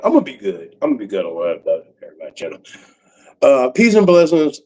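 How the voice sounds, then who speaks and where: A man in his forties doing a profane comedic rant on a livestream, breaking into cackles and swinging from loud outbursts to low mutters. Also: low-quality recording. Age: 40s.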